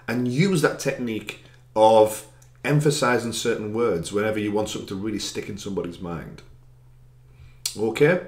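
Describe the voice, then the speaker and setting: A man with a fairly low voice coaches his viewers on self-confidence. He speaks directly and encouragingly, punching key words with extra volume. The room around him adds a noticeable echo. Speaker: anxiety coach. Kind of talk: self-help video talk.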